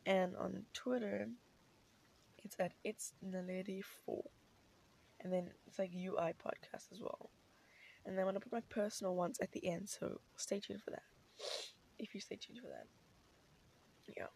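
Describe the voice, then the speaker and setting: A woman's voice: medium pitch, fairly even intonation, moderate pace, gravelly, pauses often, a little mellow. A young woman hosting a casual solo podcast in rambling, chatty talk, her voice scratchy from the morning, recorded inside a parked car. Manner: rambling, chatty, many fillers and restarts. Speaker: podcast host.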